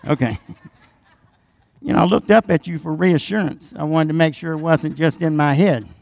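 Fairly high-pitched and gravelly, a male pastor preaches at a normal speed with no room sound, shifting between hushed asides and forceful scripture readings while inviting the congregation to respond.

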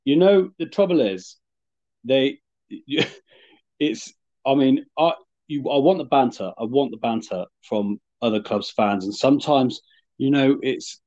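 A man co-hosts a casual sports chat, rambling and halting as he restarts his thoughts. His pitch is middling and unremarkable. The recording sounds dull and lo-fi. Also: a little mellow. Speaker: podcast co-host.

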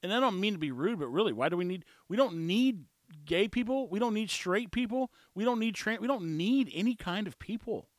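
A man's voice: high-pitched, expressive, fairly quick, no echo, clean studio sound. A man hosting a podcast, giving blunt, sarcastic casual commentary on a clip he plays. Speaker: podcast host.

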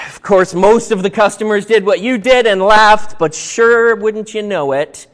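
A man's voice: high voice, measured pace, few pauses. A man preaching as a pastor, telling stories in a chatty, upbeat way. He addresses his church congregation directly. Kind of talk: sermon. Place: church sanctuary. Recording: long reverb of a church hall.

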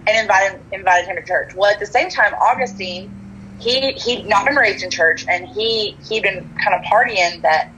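The audio is poor, with a little hiss or hum, as a Texan-accented woman recounts a personal story at a moderate pace and medium pitch. She's chatty, leaning on "like" fillers and acting out quoted dialogue.

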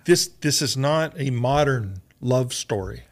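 Male podcast host, gravelly voice, teasing and quick to laugh. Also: medium pitch, expressive. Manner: teasing, emotional, laughs often. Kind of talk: casual interview chat.

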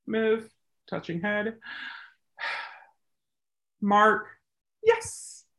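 Chatty lady dog trainer teaching, animated, acts stuff out, normal pitched voice. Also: moderate pace. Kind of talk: casual teaching talk.

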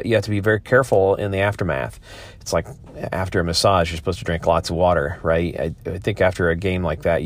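A man's voice: low-pitched, gravelly, a little mellow. A man hosting a podcast, talking in a rambling, thoughtful way with many restarts. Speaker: podcast host. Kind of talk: casual monologue.

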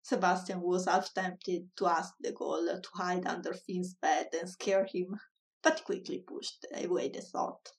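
Woman storyteller, slow soft read-aloud, mic a bit distant. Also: on the low side, level tone. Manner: slow, soft, measured reading. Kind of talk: reading a children's story aloud.

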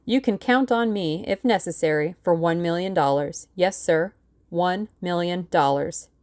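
A woman's voice: on the low side, unhurried, darkish tone, lightly acted. Woman voicing a young man, brash, blunt, wealthy.

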